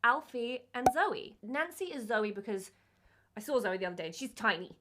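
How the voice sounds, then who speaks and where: A young woman YouTuber chatting casually with a friend, bubbly and quick to laugh. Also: fairly high pitch, sing-song, noisy background. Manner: bubbly and giggly. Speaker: YouTuber co-host. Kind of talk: casual chat.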